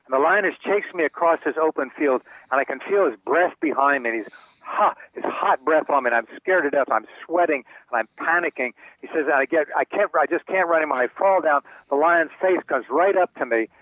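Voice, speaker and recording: A man's voice: a little high, brisk, dry recording. Older man telling stories over a phone line. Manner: animated storyteller acting out quoted voices. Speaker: author and guest. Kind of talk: storytelling interview answers. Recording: tinny phone line, dry.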